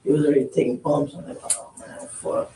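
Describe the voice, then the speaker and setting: A man's voice: fairly high pitch, little pitch movement, fairly quick, warm tone. A man recounting past events under questioning, acting out the quoted exchanges in casual street slang. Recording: roomy, distant mic, faint hiss.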